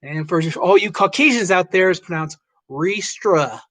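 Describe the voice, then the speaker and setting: A woman's voice: on the low side, brisk, fairly bright tone. A woman hosting a casual livestream chat who greets viewers by name and rambles with lots of fillers. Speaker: livestream host.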